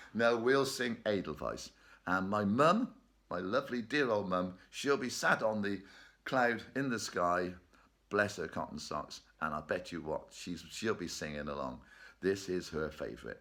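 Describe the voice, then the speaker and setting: A man's voice: deep voice, animated, unhurried, fairly bright tone. A man leading an online choir rehearsal from his bedroom, chatty and joking, laughing often. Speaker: choir leader. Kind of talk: casual online rehearsal chat. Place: bedroom at home.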